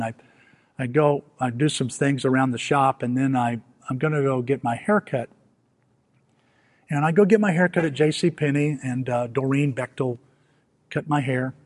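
Guy preaching a story sermon, kinda husky, acts everything out, big echoey hall. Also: mid-range voice. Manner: animated, acts out scenes, self-mocking. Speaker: pastor. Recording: long hall reverb.

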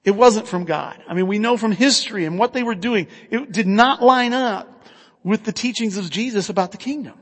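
A man's voice: high voice, normal speed, big-room sound. A man preaching a sermon in an earnest, conversational way, asking his listeners questions and retelling scripture. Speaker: pastor.

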